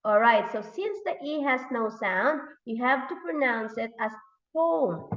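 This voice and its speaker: A woman with a Thai accent teaches English at a very slow, deliberate pace, repeating each point and checking in with her class. Her slightly high voice sounds distant from the mic in an echoey room, on a dull lo-fi recording. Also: expressive, fairly bright tone. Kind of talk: classroom lesson.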